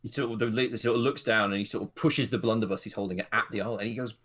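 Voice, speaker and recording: A man with a lower voice runs a tabletop game, describing the scene and the non-player characters. He narrates at an easy pace with small hesitations. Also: steady tone, racing, hardly any pauses, a bit bright. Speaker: game master.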